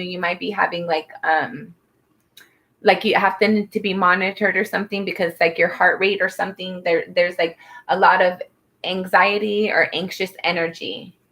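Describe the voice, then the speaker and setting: A woman's voice: medium pitch, fairly bright tone. Woman giving a rambling, soothing tarot reading. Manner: rambling, soothing, many "like" fillers. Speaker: tarot reader. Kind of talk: casual spoken tarot reading.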